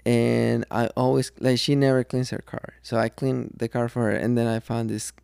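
A man with a heavily gravelly, crackling voice tells a story on a podcast, circling back and restarting as he goes. He sits close to a studio microphone in a dead, dry room with no echo. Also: mid-range voice, flat delivery, normal speed, a little mellow. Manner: rambling, circling retelling with many restarts. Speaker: podcast co-host. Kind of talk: casual storytelling chat.

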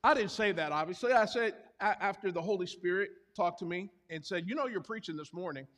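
A man preaches a sermon as pastor, telling confessional stories conversationally with self-deprecating humor. His voice sits high, a little bright, and brisk, recorded in a reverberant hall.

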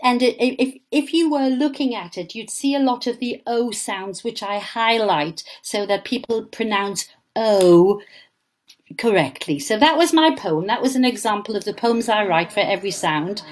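A woman, a pronunciation teacher, chatting in a radio interview and explaining clearly. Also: on the high side, animated, normal speed.

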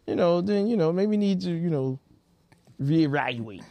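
A man co-hosting a podcast in casual chat, animated and prone to repeating himself. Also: a little high, measured pace. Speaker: podcast co-host.

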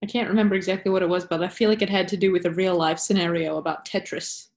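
A woman's voice: lowish voice, steady tone, quick pace. A woman hosting a podcast in casual chat, rambling and laughing as she jumps between stories. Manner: rambling, laughing, self-interrupting. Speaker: podcast host.

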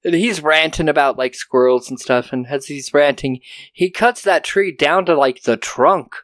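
A podcast host talking casually through a TV episode, retelling scenes as a story. The voice sits at a middle pitch. The sound is dry and close. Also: moderate pace, fairly bright tone, no echo. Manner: storytelling, acts out quotes.

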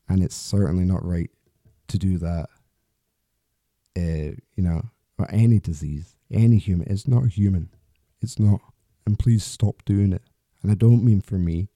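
Man, podcast host, solo monologue, very mellow dark voice, rambling and candid. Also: low-pitched, measured pace, no echo, studio quality. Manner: rambling, candid, with frequent restarts and swearing.

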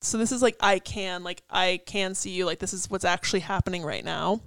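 A woman's voice: on the low side, a little fast, vocal fry, a bit bright, no echo. A young woman co-hosting a casual chat, picking apart song lyrics in a chatty way full of "like" and the odd swear. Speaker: co-host.

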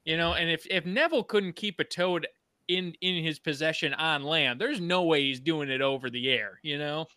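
A man hosting a casual chat podcast, animated and jokey, sprinkling his talk with "you know". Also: a little high, normal speed, clear, resonant tone, no echo, studio quality. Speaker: podcast host.

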